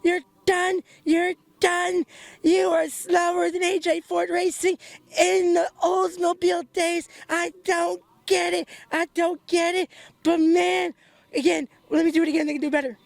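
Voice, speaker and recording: A man's voice: little pitch movement, unhurried, no room sound, heavily acted. A man voicing a rowdy, boastful stuffed beaver mascot who gloats and taunts with fake sobbing. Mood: gloating. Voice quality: squeaky and gravelly. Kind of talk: comedic character rant.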